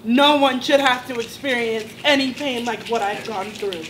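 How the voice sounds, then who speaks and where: A young college woman speaks at a student sit-in, telling her own story with passion and rising indignation. Her voice sits high, and it builds from quiet, hurt moments into heated outbursts. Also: normal speed, noisy background. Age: young adult. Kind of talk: personal testimony at a student sit-in.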